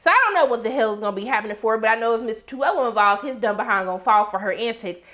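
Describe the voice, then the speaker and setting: A woman's voice: a little high, rapid-fire, a bit bright. A young woman giving a casual, sassy recap of a TV episode, talking back to the characters as she goes. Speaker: TV recap reviewer.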